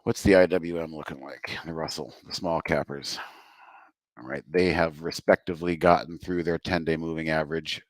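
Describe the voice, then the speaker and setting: A man's voice: a bass voice, steady tone, moderate pace, dry recording. A man hosting a live trading room from his home desk, a little out of breath, chatting casually as he walks through his charts. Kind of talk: live market commentary.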